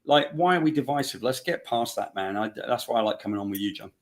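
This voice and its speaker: Lively man telling a funny story. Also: medium pitch, fast. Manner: animated anecdote teller, acts out quotes. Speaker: guest, comic book writer. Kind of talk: casual storytelling chat.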